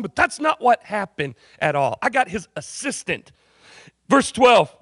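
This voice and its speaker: Lively high-voiced pastor. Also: male voice, normal speed, dry recording, studio quality. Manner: animated, jokey storytelling with voiced characters. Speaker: campus pastor. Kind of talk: sermon. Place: university chapel.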